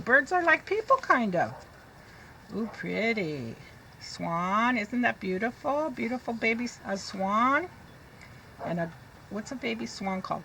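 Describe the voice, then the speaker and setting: Woman, reading teacher, picture-book lesson for kids, slightly high, crisp and bright, sounds out letters. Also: sing-song, slight background noise, poor audio. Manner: slow, sing-song, sounding out letters. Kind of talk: read-aloud lesson for young children.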